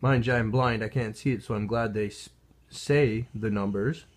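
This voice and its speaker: A Canadian vlogger holds his phone up to a TV and comments casually into it, rambling and sarcastic, restarting often and chuckling. His voice is on the low side, steady in tone, at normal speed.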